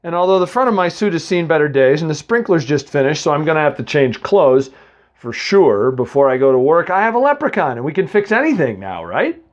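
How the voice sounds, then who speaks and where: A man's voice: a little high, sing-song, fairly quick, dull audio. A man from the Boston area reading a comic first-person story, rambling and chatty with lots of asides to the listener.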